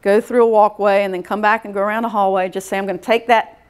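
A woman's voice: mid-range voice, level tone, fast, clear, resonant tone. Folksy woman presenter. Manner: folksy, conversational, checks in with "okay?". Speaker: workshop presenter. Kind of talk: casual lecture.

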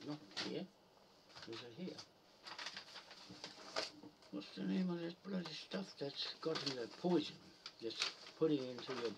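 A man's voice: mid-range voice, gravelly, recorded from a distance, heavy background noise. A man ranting and swearing as he rambles to camera, muttering to himself while he hunts for a note. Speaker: video poster.

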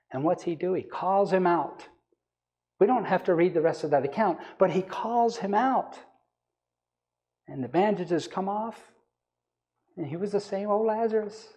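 Mellow-voiced male evangelist preaching. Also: on the high side. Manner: reads scripture aloud, then explains it with rising emphasis. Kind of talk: sermon.

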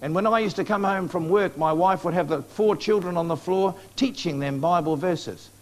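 A man with a New Zealand accent preaches to a live congregation. His voice sits somewhat high, and he talks with urgent, earnest exhortation. He turns again and again to address his listeners directly. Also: normal speed. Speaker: evangelist preacher. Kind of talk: sermon. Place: church meeting before a live congregation.

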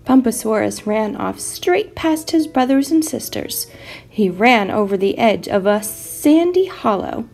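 A woman teacher reading a children's picture book aloud, expressive and animated. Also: fairly high pitch, a little slow, gravelly, faint music behind.

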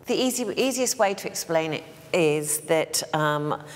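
A woman's voice: low voice, expressive, a little slow. Chatty older woman in a reverberant hall. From Bristol, England. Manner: chatty storyteller, many fillers and restarts. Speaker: make-up artist, guest. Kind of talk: casual anecdotal interview talk.

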